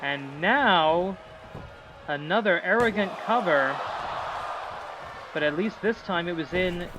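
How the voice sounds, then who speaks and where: A man calling a wrestling match as play-by-play commentator, dramatic and hype-building, rising to shouts on big moves. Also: sits high, lively intonation, takes it slowly, heavy background noise. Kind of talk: live-style wrestling commentary.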